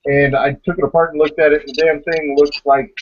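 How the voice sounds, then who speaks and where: A man's voice: on the high side, level tone, fairly quick, a little hiss or hum. A man hosting a casual podcast pre-show chat over a voice call, blunt and profane, rambling as he talks. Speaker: podcast host. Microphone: online voice call. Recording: dull lo-fi voice call.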